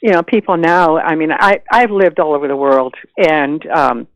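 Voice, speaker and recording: An older woman from the American South, an actress chatting as a guest in an animated way, with frequent restarts. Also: low voice, moderate pace, no room sound, low-quality recording. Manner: animated, chatty, laughs easily, many restarts. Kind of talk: casual interview chat.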